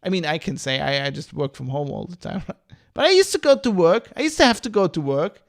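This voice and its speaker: A man's voice: high voice, sing-song, a little fast. A man hosting a podcast livestream, ranting in a heated, profane, rambling way. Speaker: podcast host.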